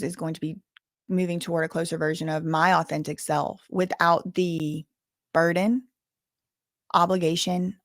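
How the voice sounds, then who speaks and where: A woman YouTuber with a softened Southern accent, telling her story to camera in a candid, emphatic way and repeating words for stress. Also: on the low side, dry recording, clean studio sound. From US South, bayou country.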